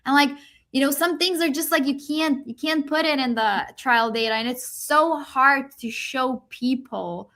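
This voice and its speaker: A woman's voice: high-pitched, unhurried, bright, forceful tone. A woman appearing as an agriculture specialist guest, explaining things eagerly in conversation. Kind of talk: conversational interview.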